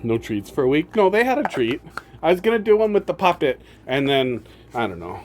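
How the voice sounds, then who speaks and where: A man's voice: on the high side, sing-song, a little fast, a little mellow, a little hiss or hum. A man streamer chatting casually, teasing his pets and laughing often. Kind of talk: casual chat.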